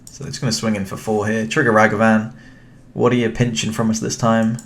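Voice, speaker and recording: A man's voice: lowish voice, little pitch movement, a little fast. A young British man casually commentating his own card game, thinking aloud and chatting to his opponent.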